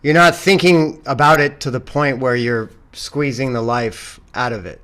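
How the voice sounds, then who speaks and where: A man's voice: mid-range voice, moderate pace, fairly bright tone. Reflective male actor talking craft. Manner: reflective, thinks aloud with restarts. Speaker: podcast guest, actor. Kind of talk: casual conversation.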